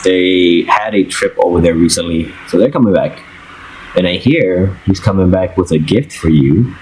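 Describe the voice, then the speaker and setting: A man narrating as game master of a tabletop game, relaxed and laughing often. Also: low voice, normal speed, a little hiss or hum, low-quality recording.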